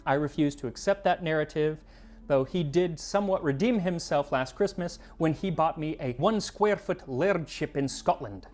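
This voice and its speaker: A man's voice: a little high, moderate pace, a little mellow, faint music behind. A man hosting a cooking history show in scripted narration, with playful, jokey asides.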